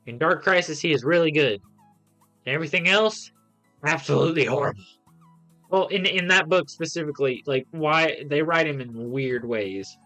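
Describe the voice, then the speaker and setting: A man's voice: on the high side, moderate pace, bright, forceful tone, soft background music. A man casually reviewing comics on a livestream, rambling through plot recaps with lots of fillers and giving blunt, scornful verdicts.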